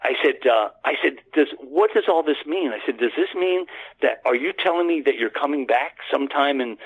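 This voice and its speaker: Husky-voiced man telling a long story. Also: mid-range voice, animated, moderate pace, phone-quality sound. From United States. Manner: rambling, with many restarts. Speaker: guest. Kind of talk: casual storytelling.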